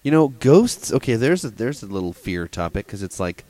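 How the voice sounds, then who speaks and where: A man's voice: on the low side, sing-song, moderate pace, mellow, no room sound. A man co-hosting a podcast in casual chat, rambling with lots of "like" fillers. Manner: rambling, filler-heavy talk. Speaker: podcast co-host.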